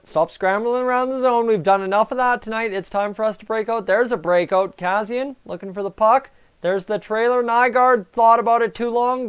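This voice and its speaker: Excitable Canadian man reacting live. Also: sits high, smooth. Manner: excitable, chatty, talks to viewers. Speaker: livestream host. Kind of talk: live game reaction commentary.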